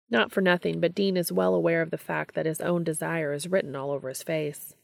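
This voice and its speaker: A woman giving a steady, scripted narration of a romance story. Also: on the low side, vocal fry, dry recording, studio quality.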